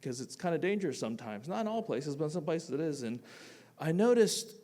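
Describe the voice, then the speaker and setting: A man, a teacher, telling a personal story live on a theatre stage, animated and casual, swinging between loud bursts and quiet asides. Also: a little high, fairly quick. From United States. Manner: casual, with frequent "like" fillers.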